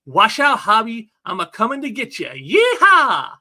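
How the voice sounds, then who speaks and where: A cocky young superhero fires off wisecracks, as a man puts him on. The voice jumps up high and rings bright and tense. The delivery is jokey and excited. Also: moderate pace, slightly rough, heavily acted.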